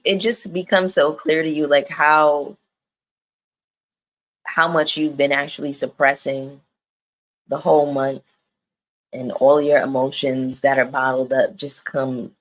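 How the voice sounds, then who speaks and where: Her low-pitched voice comes through a rough recording as she talks reality TV with her live-stream viewers. The chat is casual, direct, slangy and laced with profanity.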